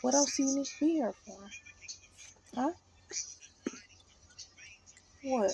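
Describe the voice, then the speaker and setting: Woman, high and gravelly, confrontational and preachy, casual argument recorded in a truck cab. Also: normal speed, mellow, slight background noise, poor audio. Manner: pressing, repetitive questioning, preachy. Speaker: partner in a couple's argument. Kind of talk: heated casual conversation.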